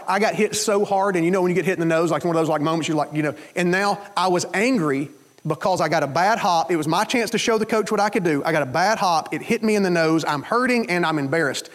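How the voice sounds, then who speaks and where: A man preaching a sermon, telling stories in an animated way and acting out the voices of the people in them. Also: high-pitched, fast talker. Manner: animated storytelling with quoted voices. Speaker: pastor.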